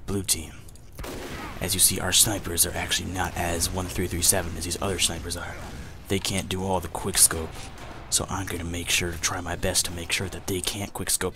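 A man putting on a forced, strained deep voice to narrate his gameplay, muttering and swearing as he plays and speaking to the viewers as "folks". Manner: mutters and swears while playing, addresses "folks". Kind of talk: gameplay commentary in a put-on voice. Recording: steady background noise with keyboard typing.

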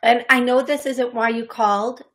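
A middle-aged woman works as a psychic medium hosting a call-in radio show, speaking haltingly with lots of fillers and restarts. Her voice is slightly high and a bit bright, with fairly even intonation.

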